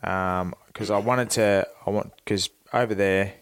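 A man's voice: lowish voice, fairly even intonation, unhurried, smooth, no room sound. A young Australian man with an Australian accent, a guest telling stories in a laid-back, casual way and swearing freely. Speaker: guest, professional boxer. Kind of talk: casual storytelling on a podcast.

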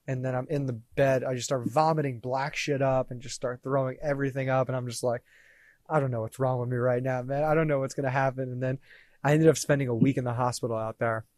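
A man in his thirties, a podcast guest, telling a story in a casual, animated way and acting out what people said. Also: mid-range voice, dry recording. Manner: animated, swearing, acts out quoted lines.

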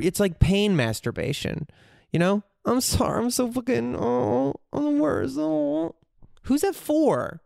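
A man's voice: a little high, a little mellow, dry recording, studio quality. A man in a candid, reflective monologue, swearing freely and searching for his words as he goes.

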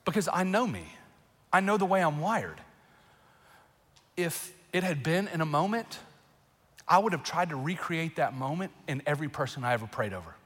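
A man preaching a sermon as pastor, emotional and animated, with bursts of laughter and raised emphasis. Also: a little high, normal speed, pauses often. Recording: long reverb in a large hall.

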